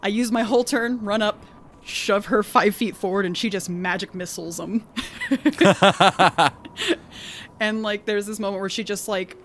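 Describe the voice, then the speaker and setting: Casual podcast co-host: a woman with an accent, mid-pitched, giggly, animated game recap, faint background hiss. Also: brisk. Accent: non-standard accent of her own. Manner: animated, laughing often, heavy use of "like". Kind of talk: casual storytelling chat.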